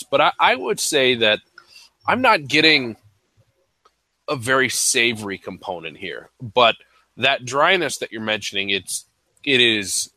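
A man's voice: lowish voice, bright, forceful tone, no room sound. A man co-hosting a cigar podcast in casual chat, hesitant and careful as he qualifies his tasting notes.

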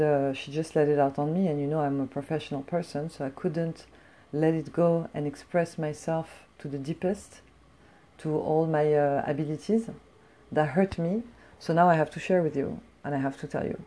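A middle-aged woman from France telling a blunt, profane story in a casual, animated rant. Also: low-pitched, normal speed. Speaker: vlogger.

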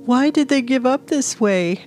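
A woman voicing a grieving young elf woman in an audiobook, pleading and rising in pitch, with fantasy music playing behind her. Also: takes it slowly, darkish tone. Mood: anguished. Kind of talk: audiobook character voice.

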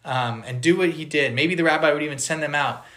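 A man's voice: on the high side, a little fast, sharp tone. A man giving a conversational Bible teaching on a podcast, earnest and explanatory, stopping to put questions to his listeners. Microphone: podcast microphone.

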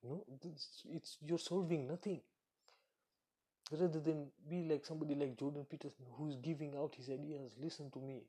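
Brief: man, mid pitch, slightly husky, blunt swearing monologue. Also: steady tone, normal speed, mellow. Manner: blunt, profane, ranting; acts out quoted voices. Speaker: commentator. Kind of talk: casual monologue.

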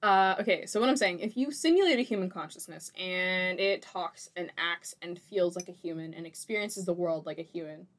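A woman's voice: on the low side, moderate pace, hardly any pauses. Blunt, joking woman in casual chat. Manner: blunt, joking, swears freely.

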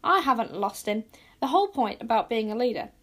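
A woman's voice: a little high, big pitch swings, fairly quick. Boy wizard, cocky and reckless, eager and bossy, read by a woman. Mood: confident. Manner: eager, bossy, self-assured. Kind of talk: storybook reading.

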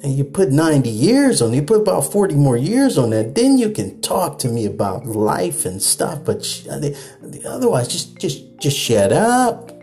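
Animated man ranting on a podcast. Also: on the high side, moderate pace, faint music behind. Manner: animated, repetitive, laughs at himself. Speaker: podcast host. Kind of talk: late-night podcast rant.

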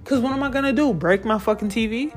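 A woman's voice: on the high side, fast talker, soft background music. A woman ranting casually about a video game, profane and exasperated, often breaking into laughter. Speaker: gamer reviewing a video game.

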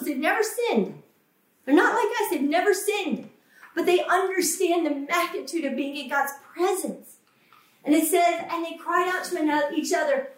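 A woman with a high voice delivers a fervent sermon, acting out the voices of the people she quotes and driving points home through repetition. She is picked up from some way off the mic, and the room echoes around her. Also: animated, normal speed, recorded from a distance. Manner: impassioned, acts out quoted voices, emphatic repetition. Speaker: preacher.

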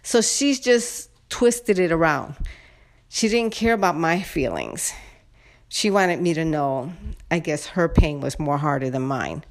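A woman's voice: low voice, expressive, unhurried. A woman telling viewers a personal story in a casual, indignant, venting way, addressing them directly. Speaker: vlogger.

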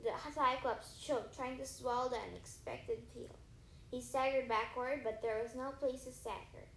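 A woman reading a story aloud in first person, lively, with small stumbles and self-corrections. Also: fairly high pitch, moderate pace, reverberant, a little hiss or hum, low-quality recording. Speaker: audiobook reader.

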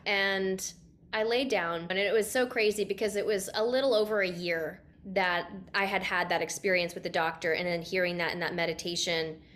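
A woman guest telling a lively personal story in a casual interview, often laughing and acting out what she said at the time. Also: lowish voice. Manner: animated, laughing, acts out her own past lines. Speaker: guest, sound healing practitioner.

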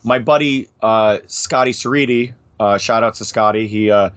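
A man's voice: fairly low pitch, moderate pace, no room sound. American guy in his 30s, swears a ton, rambles, dry close mic. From New Jersey, USA. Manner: profane, rambling, lively impressions. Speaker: podcast guest. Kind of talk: casual chat.

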